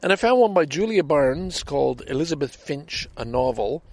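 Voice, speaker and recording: A man in a casual monologue, excitable and rambling, going high-pitched when he gets anxious. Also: moderate pace, no room sound. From Canada. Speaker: vlogger.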